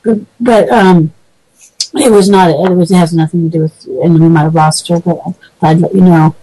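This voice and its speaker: A woman's voice: lowish voice, fairly even intonation, normal speed, mellow, no room sound, poor audio. A woman hosting a call-in show, chatty and a little choked up, laughing as she takes callers. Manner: chatty, laughs between sentences. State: slightly choked up. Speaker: show host.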